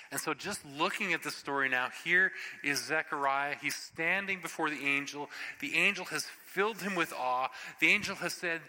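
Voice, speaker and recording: A man preaching a sermon in an animated, conversational way, acting out scripture scenes. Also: medium pitch, big-room sound, poor audio.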